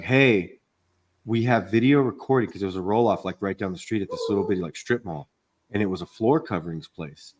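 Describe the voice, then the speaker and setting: A man in casual podcast chat, telling a long job-site story in a rambling way, swearing often and acting out what people said. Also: on the low side. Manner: rambling storytelling, swears a lot, acts out quotes. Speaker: podcast co-host, contractor.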